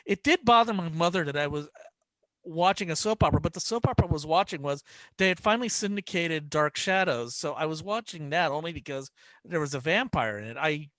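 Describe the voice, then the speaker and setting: A man on a podcast panel with a fairly high voice, winding through his stories and restarting his sentences. He acts out the lines of the people he quotes. His voice sounds dry and close to the mic. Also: expressive, fairly quick, a bit bright, no room sound. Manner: rambling storyteller, many restarts, acts out quotes. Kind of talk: casual panel chat.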